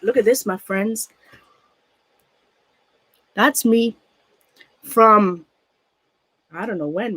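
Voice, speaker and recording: On a dry, low-quality recording, a middle-aged livestreamer with a medium-pitched, slightly bright voice chats casually while sorting a closet. She goes through old things, rambling nervously and shakily and saying hello to viewers by name.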